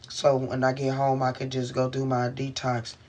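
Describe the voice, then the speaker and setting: A man's voice: mid-range voice, completely flat delivery, normal speed, background noise. A man venting into his camera in a rambling, profane, frustrated way while in pain, speaking from inside a car. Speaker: vlogger.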